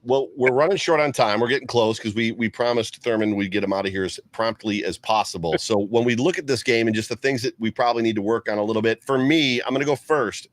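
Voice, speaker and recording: A man co-hosting a casual sports talk show, excitable and rambling as he reads out viewer comments. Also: mid-range voice, no echo. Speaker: co-host.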